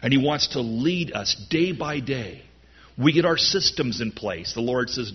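A man preaching a sermon in an animated way, his voice rising loud on key lines. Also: medium pitch, unhurried, slightly rough, muffled recording. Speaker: pastor.

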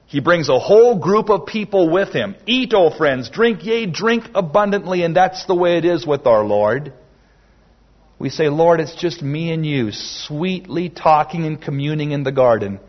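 A man preaching a sermon slowly and emphatically, with dramatic pauses. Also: on the high side, animated. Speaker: pastor. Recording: dull lo-fi sermon recording.

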